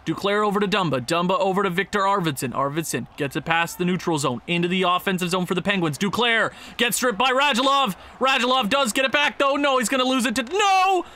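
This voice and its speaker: A young man giving play-by-play commentary on a hockey video game, calm at times and then yelping with excitement and laughing. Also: high voice, fast talker, few pauses. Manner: excitable, shifts between calm calls and sudden yelps; laughs often, talks to the team as "boys". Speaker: gaming commentator.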